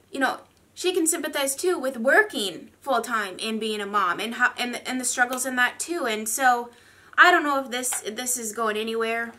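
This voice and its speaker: A woman's voice: fairly high pitch, noisy background. A woman, chatting candidly and rambling a little while doing her makeup on camera at home. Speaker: beauty vlogger. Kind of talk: casual get-ready-with-me chat.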